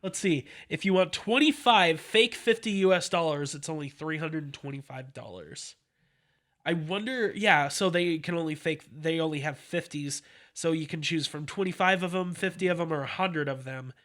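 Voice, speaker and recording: Man, fairly high voice, casual chat, reads listings aloud, chuckling. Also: normal speed, a bit bright. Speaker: podcast host browsing the dark web.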